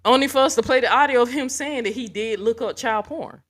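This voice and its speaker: A woman's voice: on the high side, brisk, fairly bright tone. A woman hosting a livestream, talking bluntly and profanely straight to her viewers and reading out chat comments. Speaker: livestream host.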